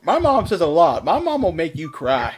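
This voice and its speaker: A man's voice: fairly high pitch, wildly swooping pitch, moderate pace, heavy background noise. A young adult man hosting a stream, telling stories in casual chat and laughing often. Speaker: streamer host.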